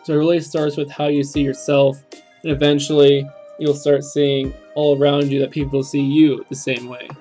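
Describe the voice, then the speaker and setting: Young guy breaking down song lyrics, kinda high flat voice, earnest, lots of ums, faint music behind. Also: normal speed. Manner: earnest and reflective, with frequent ums and restarts. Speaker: reaction video host. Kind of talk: casual spoken commentary on song lyrics.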